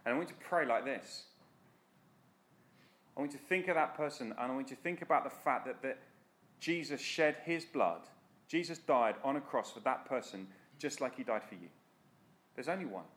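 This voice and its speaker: A man's voice: mid-range voice, animated, normal speed, long pauses, a bit bright. A man preaching a sermon in an earnest, direct, exhorting way.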